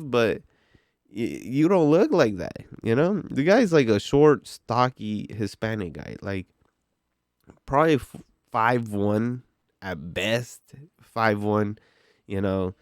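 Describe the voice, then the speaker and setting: A man tells a story in a loose, rambling vlog style. He leans constantly on "like" and "you know". His voice is smooth and clear, and it sits in a dry, close recording. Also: lowish voice, animated, slow pace, pauses often, no echo. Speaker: vlogger telling a story. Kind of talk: casual storytelling.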